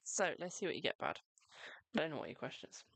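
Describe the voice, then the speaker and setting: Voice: medium pitch, very animated, fast talker, fairly bright tone, no echo. A live-stream host doing tarot readings in a chatty, reassuring way, calling viewers "my darling" and leaning on "okay" between lines. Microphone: close microphone.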